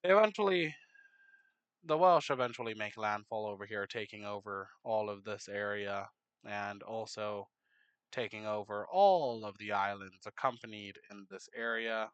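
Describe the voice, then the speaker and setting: A man narrating a map game in casual commentary, unhurried, muttering asides to himself. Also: on the low side, a bit bright, smooth, dry recording, muffled recording.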